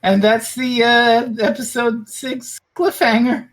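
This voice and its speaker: A woman's voice: a little high, level tone, takes it slowly. A woman co-hosting a casual review chat, giggling and tossing in playful interjections. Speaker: podcast co-host.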